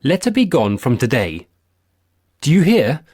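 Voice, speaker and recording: A man's voice: mid-range voice, wildly swooping pitch, a little slow, a little mellow, no echo, studio quality, pitched above the performer's own voice. A man voicing an imperious, irritable old woman who commands her household in a haughty, petulant way. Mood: cold, imperious.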